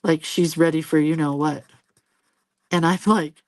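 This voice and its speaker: A woman's voice: low-pitched, fairly even intonation, a little slow, dry recording. A woman in her sixties hosting a live drawing stream, chatting casually as she paints. She laughs often and jumps between stories and viewer comments.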